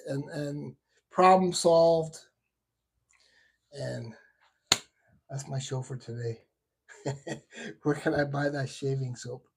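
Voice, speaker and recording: A man's voice: a little high, warm tone, slight background noise. A man hosting a shaving livestream, chatting casually and rambling, with lots of restarts and asides. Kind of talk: casual live chat.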